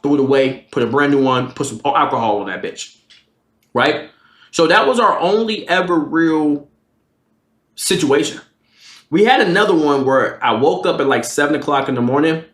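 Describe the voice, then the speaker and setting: A young man in his twenties telling a casual, profane storytime, jumping into animated quoted lines. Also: fairly high pitch. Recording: roomy echo.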